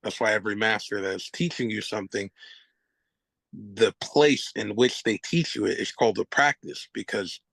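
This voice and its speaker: A man, a hip hop artist, talking as a guest in a casual conversation, loose and expressive, swearing and laughing often. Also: fairly low pitch, moderate pace, gravelly, no room sound.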